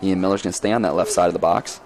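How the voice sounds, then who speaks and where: A man giving live play-by-play commentary on a lacrosse game outdoors, folksy and energetic as he calls the action. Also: low voice, racing.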